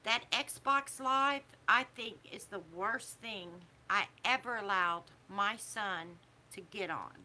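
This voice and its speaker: A middle-aged woman, talking casually to camera as a vlogger in a disapproving, preachy way with drawn-out emphasis. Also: medium pitch, sharp tone, slight background noise. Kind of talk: casual opinion talk to camera.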